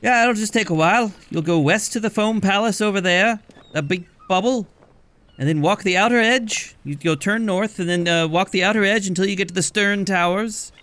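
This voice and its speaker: A man voicing an evasive, brisk female water genasi barkeep in a high, chirpy falsetto. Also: a bit bright, dry recording. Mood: breezy.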